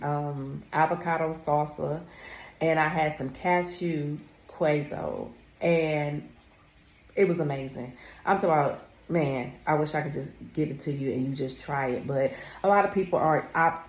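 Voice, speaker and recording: Woman, vlogger, chatty, emphatic, somewhat low voice, roomy echo. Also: unhurried. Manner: chatty and emphatic, addresses viewers as honey. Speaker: wellness vlogger. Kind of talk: casual talk to camera.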